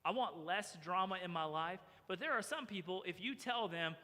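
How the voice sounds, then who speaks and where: Male preacher, sermon, bright forceful tone, acts out characters, echoing church hall. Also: sits high, moderate pace, few pauses. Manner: animated, acts out characters' voices. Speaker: pastor. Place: church sanctuary.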